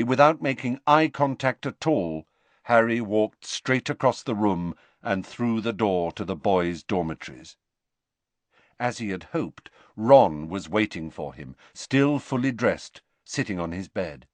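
A man narrating an audiobook in an expressive, measured storytelling manner. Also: fairly low pitch, no echo. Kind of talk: scripted narration.

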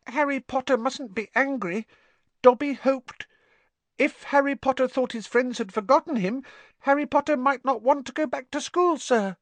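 A man's voice: moderate pace, no echo. A man voicing a small, anxious, servile male house-elf who pleads and speaks of himself in the third person, in an audiobook. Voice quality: squeaky, high and breathy. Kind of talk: audiobook character voice.

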